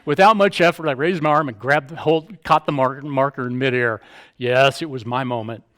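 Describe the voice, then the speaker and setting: A man preaching, his voice sitting at an ordinary middle pitch. He tells stories casually and then presses his points with emphatic force, with a playful streak. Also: brisk, fairly bright tone. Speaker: pastor. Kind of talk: sermon.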